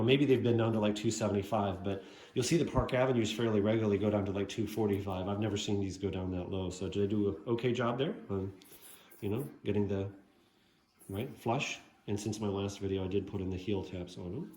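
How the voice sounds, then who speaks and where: A man's voice: on the low side, darkish tone. Man rambling about his collection, roomy room. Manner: rambling, with many fillers and self-corrections. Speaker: shoe collector vlogger. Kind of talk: casual show-and-tell. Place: dining room at home. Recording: roomy home recording with faint noise.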